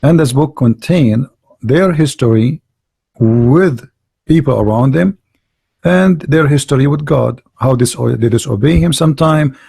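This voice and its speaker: A man's voice: medium pitch, unhurried, vocal fry, dark tone, breathy edge, no echo. A man hosting a casual online debate call, hesitant and repeating words, turning confrontational about his opponents.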